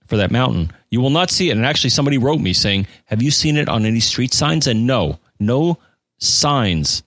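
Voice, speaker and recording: Male co-host, casual and jokey, animated pitch, dry close mic. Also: a little fast, dry recording. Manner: jokey, rambling, lots of restarts. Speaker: podcast co-host. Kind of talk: casual chat.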